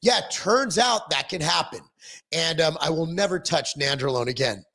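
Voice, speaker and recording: A middle-aged man hosts a casual livestream, reading viewer comments aloud and answering them in a rambling, self-deprecating way full of ums and restarts. His voice is on the high side and sharp, at a moderate pace.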